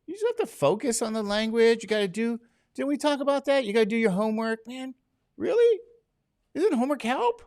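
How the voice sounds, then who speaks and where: A man's voice: very high-pitched, expressive, fast talker, darkish tone. A man teaching a class, who jokes and keeps asking his students questions, drowsy from medication. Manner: joking, asks the class many questions. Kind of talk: classroom lecture.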